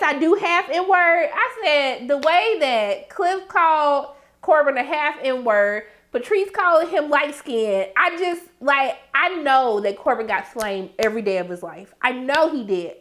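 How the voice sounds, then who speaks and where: A woman with a high voice talks through a TV episode recap in a loose, chatty way. She acts out her own reactions and the characters' lines with dramatic flair, and she jumps into side comments and jokes as she goes. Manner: animated, dramatic quoting and asides. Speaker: TV show reviewer.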